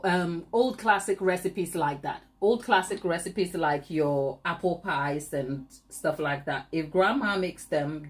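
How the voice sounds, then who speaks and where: A woman hosting a baking channel, chatting and teasing viewers during a live stream while she decorates, laughing often. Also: lowish voice.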